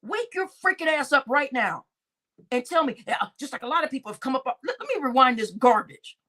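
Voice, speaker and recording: Animated high-voiced woman stream host. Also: a little fast. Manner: animated and exclaiming, laughs often. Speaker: live-stream host reacting to clips. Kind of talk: casual live-stream reaction chat.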